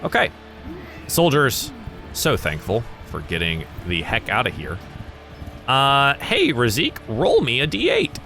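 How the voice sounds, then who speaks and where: Male game master from the US South, lively pitch, unhurried, halting delivery. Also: soft background music. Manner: thinking aloud, slow and halting with fillers. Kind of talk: narrating a tabletop game.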